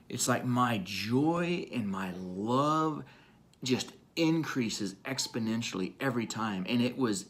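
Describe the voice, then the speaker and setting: Man, mid-pitched, recounting a spiritual encounter in a casual, vivid storytelling vlog. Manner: vivid first-person storytelling. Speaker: church vlogger. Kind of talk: casual faith testimony.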